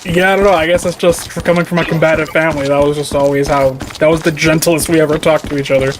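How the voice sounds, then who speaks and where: A man talks in a loose, rambling way while he streams a game, his slightly high voice dropping fillers as he goes. Steady noise and game sounds sit under the recording. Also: quick pace. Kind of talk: casual chat.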